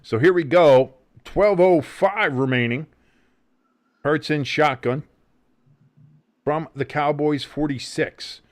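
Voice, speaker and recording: A man with a New Jersey accent hosting a casual live watch-along, calling plays with excitement, swearing and joking. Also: fairly high pitch, slow, long pauses. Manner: excited play-by-play with swearing and jokes. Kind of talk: casual live game commentary.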